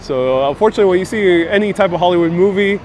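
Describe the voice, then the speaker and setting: Faint traffic and street sounds surround this man as he leads a city bus tour on a live stream. His voice is high-pitched and a little mellow, and he races along, chatting casually and reading out comments from viewers.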